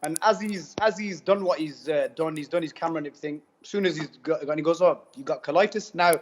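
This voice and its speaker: A man giving a testimonial interview, telling his story in an animated, casual way full of slang and repetition. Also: a little high, fast, slight background noise. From United Kingdom. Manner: animated, repeats himself, slangy with "bro" and "man". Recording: dull lo-fi sound.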